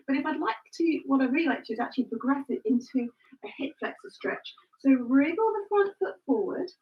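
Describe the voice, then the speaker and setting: A woman coaching a live exercise session, encouraging and cueing breaths and counts. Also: sits high. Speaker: fitness instructor. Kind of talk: live exercise class instruction. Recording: distant, dull lo-fi live stream.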